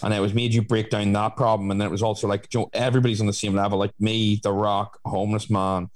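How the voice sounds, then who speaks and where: A man talks quickly in a fairly low voice, rambling through his points. He stacks up fillers as he goes and speaks frankly in relaxed conversation. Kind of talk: casual chat.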